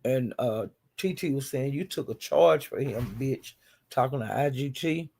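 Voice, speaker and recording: A man's voice: mid-range voice, unhurried, creaky, dark tone. A man hosting a casual chat, bluntly retelling online drama in a chatty, gossiping way. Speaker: host recapping livestream drama.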